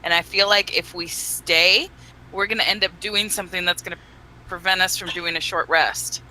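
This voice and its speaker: A player in a tabletop game who talks in a lively, unhurried and joking way. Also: medium pitch, crowd noise, rough recording. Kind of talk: casual tabletop play.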